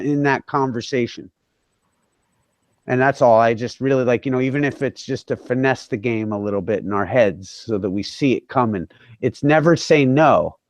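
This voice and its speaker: A man's voice: medium pitch, no room sound. Brief: male host, laid-back and rambling, lots of "like" and "bro", close dry mic. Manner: rambling, filler-heavy, says bro and dude. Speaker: host of an open-mic hangout. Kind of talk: casual chat.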